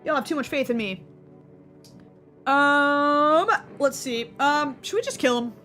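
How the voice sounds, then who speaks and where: A woman giving sarcastic, excitable gaming commentary as she plays, swearing casually. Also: high voice, unhurried, faint music behind. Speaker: gaming streamer.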